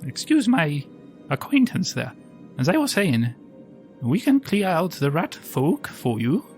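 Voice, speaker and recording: A man's voice: a little high, huge pitch swings, unhurried, soft background music. A man voicing an earnest adventurer and party leader who speaks persuasively.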